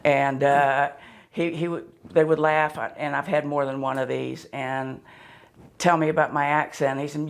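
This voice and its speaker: Woman in her 70s, gravelly, wry joking storyteller, rambling delivery. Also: low voice, level tone, moderate pace. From born in Pennsylvania, raised in southwest Florida. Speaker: interview guest. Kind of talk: casual storytelling.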